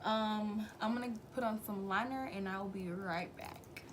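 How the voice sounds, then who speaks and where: A young woman with a slightly raspy just-woke-up voice, chatting casually to viewers through a makeup tutorial at home. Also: medium pitch, normal speed, background noise. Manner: chatty, relaxed, talks to viewers as friends. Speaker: beauty vlogger.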